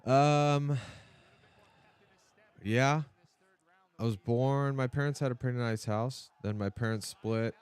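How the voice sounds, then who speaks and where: A man's voice: medium pitch, steady tone, takes it slowly, pauses often, a little mellow, smooth, no echo. A man hosting a casual podcast chat, mostly answering with short, amazed interjections.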